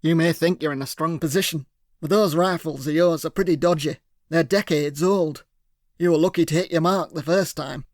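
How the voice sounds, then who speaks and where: A man voicing a menacing villain boss who talks in a smooth, patronizing way, calling others lad and son. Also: a little high, moderate pace, dry recording, studio quality, natural voice. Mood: strained.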